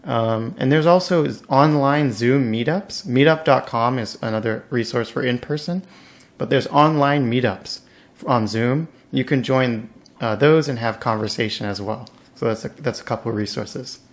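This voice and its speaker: A man's voice: mid-range voice, normal speed. A man, a guest in a casual interview, talking in a laid-back, slangy way with lots of "like".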